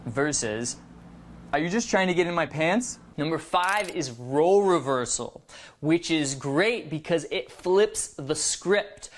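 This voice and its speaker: A man's voice: fairly high pitch, expressive, slow pace. A man presenting a dating advice video, explaining steadily and acting out sample lines in playful voices. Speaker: dating coach.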